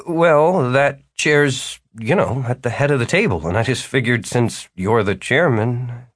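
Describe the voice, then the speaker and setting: A man's voice: mid-range voice, measured pace, no echo, studio quality, natural voice. A man voicing an awkward, hesitant young man who trails off as he speaks. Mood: sheepish.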